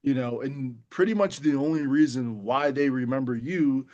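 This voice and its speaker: A man co-hosting a podcast, talking in a relaxed, conversational way with casual fillers. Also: mid-range voice, normal speed, lo-fi sound. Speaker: podcast co-host. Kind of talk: casual chat.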